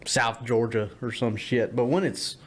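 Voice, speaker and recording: A man's voice: mid-range voice, fairly even intonation, unhurried. A man co-hosting a casual podcast, rambling and swearing as he makes his point. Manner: rambling, profane, lots of restarts. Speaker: podcast co-host. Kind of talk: casual chat.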